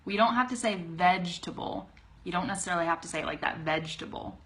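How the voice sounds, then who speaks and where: A woman's voice: lowish voice, fairly bright tone. Chatty woman teaching pronunciation. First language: English. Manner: chatty, laughs often, repeats words slowly to model sounds. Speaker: English teacher. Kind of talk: live online pronunciation lesson.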